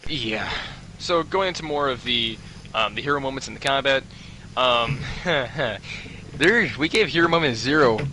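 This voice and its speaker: A man's voice: medium pitch, animated, normal speed, background noise. A man co-hosting a casual gaming chat, rambling with many fillers and restarts. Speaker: podcast co-host.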